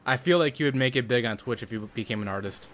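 A man's voice: mid-range voice, fast, fairly bright tone. Joking young man hosting a game session. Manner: joking, laughs often. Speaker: gaming channel host. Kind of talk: casual gameplay chat with friends.

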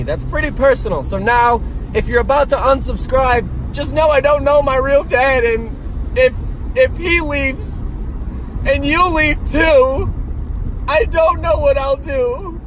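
A young man with a stuffed-up nose from allergies, rambling and joking in a casual vlog while driving. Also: extremely high pitch. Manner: rambling, joking, self-mocking. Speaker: vlogger. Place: inside a car. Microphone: phone propped on the dashboard. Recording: noisy car interior, road noise.

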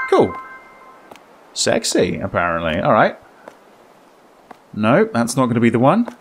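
A man talks his way through a horror game in a loose, joking commentary. His voice is lively and swings freely in pitch as he reacts out loud to what he sees. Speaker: gaming YouTuber. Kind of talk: let's play commentary.

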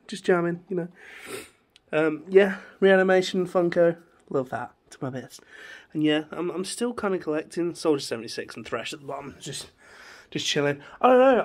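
A man with a hoarse, fading voice, rambling chattily through a casual room tour vlog filmed on a phone in his bedroom. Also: sits high, a little mellow. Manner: rambling, chatty, easily sidetracked. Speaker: YouTuber.

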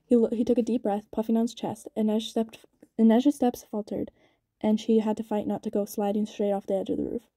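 A woman reading a novel aloud, quick, with small stumbles and restarts. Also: medium pitch, little pitch movement, dark tone, dry recording. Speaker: audiobook reader.

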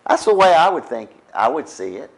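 A man's voice: a little high, sing-song, brisk, gravelly. A middle-aged man preaching a conversational sermon as pastor, often checking in with his listeners. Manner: conversational preaching, keeps asking "right?".

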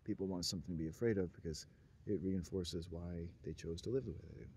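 A man's voice: sits low, quick pace, warm tone, slightly rough. A man talking in a rambling, sardonic monologue, often laughing at his own jokes. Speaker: monologue speaker.

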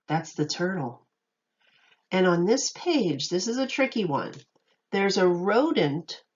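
A woman's voice: lowish voice, dull audio. A woman teacher reading a picture book aloud to children, patiently asking them questions and praising their answers.

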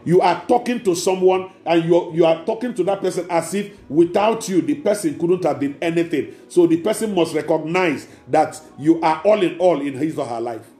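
A man's voice: a little high, moderate pace, hardly any pauses, warm tone. A man preaching a sermon as pastor, emphatic and repeating key words. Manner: emphatic preaching with acted quotes. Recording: echoey room with faint music.

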